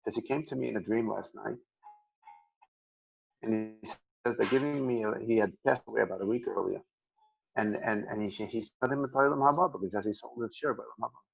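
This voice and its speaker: Gravelly man giving a Torah lesson. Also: fairly low pitch, a little fast, faint music behind. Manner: conversational, retells a story with lots of restarts. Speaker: Torah teacher. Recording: dull lo-fi recording.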